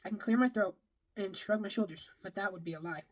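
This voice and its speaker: Heard through a rough recording, a woman with a mid-range, darkish voice talks quickly as she reads a novel told in the first person. Her narration includes the odd slip, after which she rereads the phrase.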